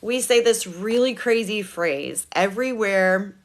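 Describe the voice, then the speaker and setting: A woman's voice: mid-range voice, a little slow. A woman in her thirties chatting casually on a TikTok livestream, rambling and laughing often. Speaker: TikTok live streamer.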